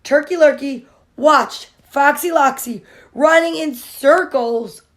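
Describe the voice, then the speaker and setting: A woman's voice: sits high, slow, a bit bright. A woman comedian reading a children's storybook aloud with gushing, playful asides.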